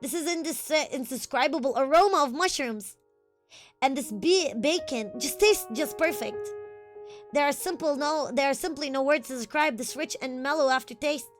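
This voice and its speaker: A woman's voice: high-pitched, normal speed, soft background music, natural voice. A woman voicing a weary young man savoring food and a peaceful morning.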